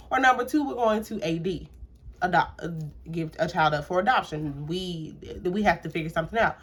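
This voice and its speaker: A woman's voice: on the low side, slightly rough. Chatty young woman telling a storytime. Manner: casual and animated, with frequent fillers and acted-out quotes. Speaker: YouTuber. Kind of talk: storytime vlog.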